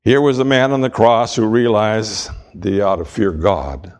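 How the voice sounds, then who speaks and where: A man preaching a sermon with emphatic, deliberate delivery and dramatic pauses. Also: on the low side, a little mellow.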